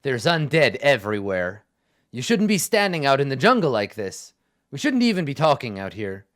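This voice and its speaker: A man voicing a huge, stern but bumbling male camp commander in a tabletop game, gruff and suspicious. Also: medium pitch, sing-song, moderate pace, a bit bright. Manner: gruff and suspicious, easily distracted.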